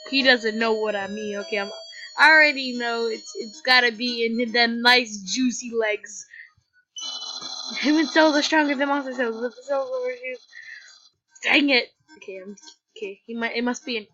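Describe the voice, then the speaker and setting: Hushed, giggly high-voiced woman gamer. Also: normal speed. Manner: soft-spoken, giggly, hushed so as not to be loud at night. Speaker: gaming channel host. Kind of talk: casual gameplay commentary. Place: home at night. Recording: muffled lo-fi with faint game music.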